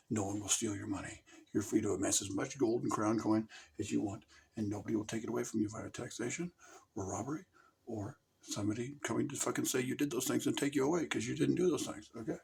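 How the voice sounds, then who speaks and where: Gravelly, giggly rambling man. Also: fairly low pitch, a little hiss or hum. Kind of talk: rambling comedic talk while gaming.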